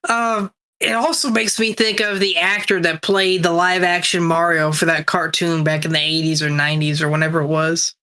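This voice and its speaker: A man's voice: on the high side, flat delivery, moderate pace, few pauses, pushed and bright. A man co-hosting a podcast while sick, rambling casually with restarts and swearing. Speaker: podcast co-host. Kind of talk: casual chat.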